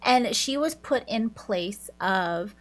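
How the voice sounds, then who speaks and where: A woman talking through a book's plot for her channel, chatty and loose, with frequent "like"s and restarts. Her voice sits at a middling pitch for a woman, and she laughs easily as she goes. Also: lively intonation, slow. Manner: chatty, many fillers and self-corrections, laughs often. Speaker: book reviewer. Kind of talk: casual book review retelling the plot.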